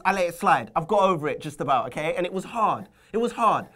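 A man co-hosting a football fan chat, who breaks into loud, theatrical mock outrage. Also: high voice, expressive, fast talker, hardly any pauses. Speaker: fan channel co-host. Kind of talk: casual chat.

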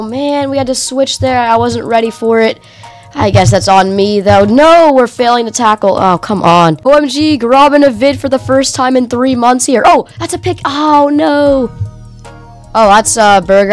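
A woman giving casual, excitable gameplay commentary, cheering and shouting at plays with a slightly strained voice. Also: mid-range voice. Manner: casual slang. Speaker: gaming channel host.

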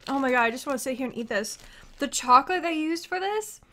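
Bright high-voiced woman gushing on stream. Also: expressive, fast talker. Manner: gushing, eating while talking, giggly. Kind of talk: casual live stream chat.

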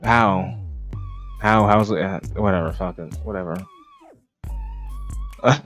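A man's voice: lowish voice, slow, fairly bright tone, soft background music. A young man streaming casual reactions to comics, sarcastic and rambling, swearing often. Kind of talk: casual profane reaction commentary.

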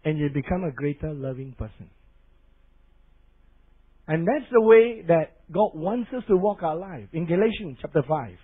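A middle-aged man preaching with lively, animated delivery, his voice sitting fairly high. The recording is thin and phone-like, with a narrow, lo-fi sound. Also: moderate pace, pauses often, slightly rough. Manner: animated preaching with barking imitations. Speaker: pastor. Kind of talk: sermon.

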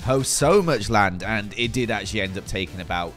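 A young man with a hoarse, nearly gone voice, giving chatty, self-mocking commentary over gameplay. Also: fairly low pitch, animated, a little fast, a bit bright, soft background music. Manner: chatty, self-mocking, mock-angry rants. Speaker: gaming video creator.

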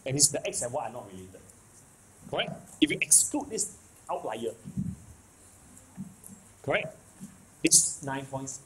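A man's voice: mid-range voice, very animated, a little slow, pauses often, fairly bright tone, a little hiss or hum, poor audio. A man with a Singaporean English accent giving a math lecture, repeating key points and checking in with the class often. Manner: repetitive, keeps checking in with "okay? can?". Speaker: math teacher.

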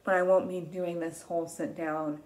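A young woman teacher reading a picture book aloud to young children, slow and gentle, gasping with exaggerated excitement. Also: fairly low pitch.

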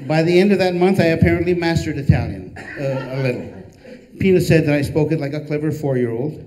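An older man, an author, reading a humorous memoir aloud with a dry, wry delivery and deadpan punchlines. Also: fairly high pitch, fast, a crowd in the background, poor audio.

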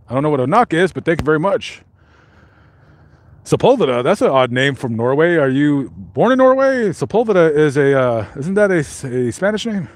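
A man hosts a live stream, working through viewer comments in a loose, joking ramble that keeps doubling back on itself. His pitch swings widely from phrase to phrase. The sound is dry and close, with no room echo. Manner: rambling, joking, lots of fillers and restarts. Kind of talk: casual live chat, reading viewer comments.

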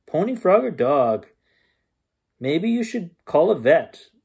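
A man's voice: big pitch swings, takes it slowly, vocal fry, husky, heavily acted. A man doing a chirpy literal-minded housekeeper. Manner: bright sing-song voice, pitched up. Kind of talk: storybook read-aloud.

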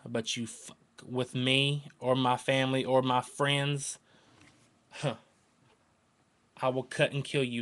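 A man's voice: mid-range voice, a bit bright. A young man with a Southern accent vlogs casually to his viewers. He rambles, repeats himself and speaks with open, earnest feeling. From North Carolina, US. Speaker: vlogger. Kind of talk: casual rambling vlog to camera.

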